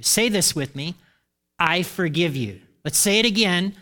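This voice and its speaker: A middle-aged pastor delivers a sermon in a high, bright voice, a little slowly. He addresses his congregation with animation and takes on the voices of the people he quotes.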